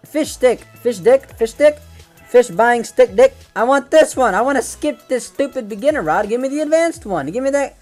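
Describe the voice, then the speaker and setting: A man hosting a VR fishing game video, excitable and joking, swearing often as he plays. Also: extremely high pitch, normal speed, soft background music. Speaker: gaming channel host. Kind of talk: VR game commentary. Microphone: VR headset gameplay capture.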